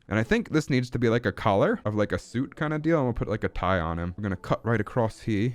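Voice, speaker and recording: A man's voice: medium pitch, quick pace, few pauses. A man casually talking through his digital drawing as he streams, goofy and playful, in a put-on accent, with faint music behind. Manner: goofy and playful, silly sound words and mock grandeur. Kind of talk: casual live-stream commentary while drawing.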